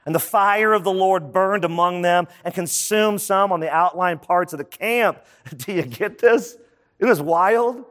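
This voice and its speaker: Speaking a touch high and a bit bright, a pastor works through his sermon conversationally and sprinkles in quick side remarks. The audio carries the long echo of a large hall.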